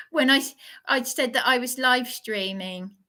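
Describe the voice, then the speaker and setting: Her voice sits high with a sharp tone as she live streams. The woman is shaken, indignant and worked up, her delivery shaky and stumbling in an agitated monologue.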